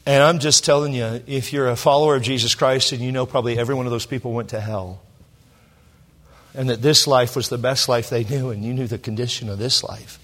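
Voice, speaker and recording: A middle-aged man from Southern California, a pastor telling a personal story in a sermon, emotional and halting with many restarts. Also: mid-range voice, a bit bright.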